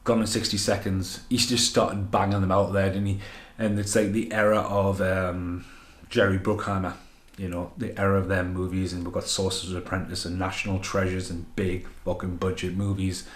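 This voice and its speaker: A man giving an unscripted, rambling film review, excitable and full of swearing. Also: lowish voice. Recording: echoey room.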